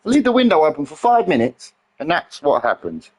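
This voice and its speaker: A man's voice: on the high side, big pitch swings, fairly quick. Sweary irritable streamer man. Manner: swearing, easily irritated, talks to himself. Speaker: gaming streamer. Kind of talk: casual live-stream chat.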